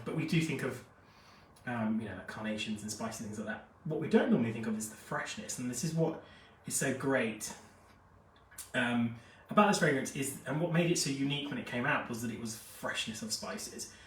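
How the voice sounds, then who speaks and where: A man's voice: mid-range voice, a little hiss or hum. Chatty man, echoey and distant. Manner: chatty and gushing, reads out viewer comments. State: unwell after a jab, feverish. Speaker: fragrance expert host. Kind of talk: live-stream product review chat. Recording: echoey room, mic at a distance.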